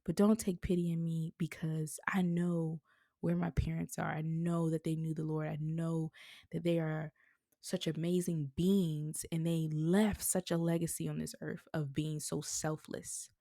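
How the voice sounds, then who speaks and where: Gravelly-voiced woman, earnest podcast host. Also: sits low, level tone, a little slow, dark tone, no room sound, studio quality. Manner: earnest and encouraging, speaks of prayer with feeling. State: emotional, near tears. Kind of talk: heartfelt faith-based podcast monologue.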